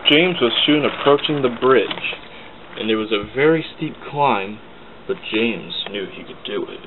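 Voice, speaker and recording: A man's voice: mid-range voice, lively intonation, unhurried. A man narrating a simple homemade children's train story in a plain storytelling manner. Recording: tinny lo-fi with hiss.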